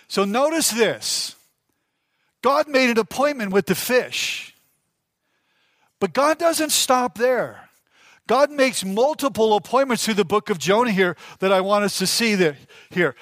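High-voiced pastor preaching emphatically. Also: male voice, fairly bright tone, dry recording. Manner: emphatic preaching, repeats key phrases, addresses congregation directly. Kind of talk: sermon.

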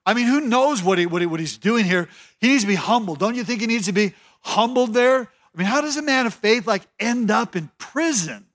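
Mocking male critic, high-pitched, gossipy, voiced by a preacher. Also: expressive, brisk, few pauses, fairly bright tone.

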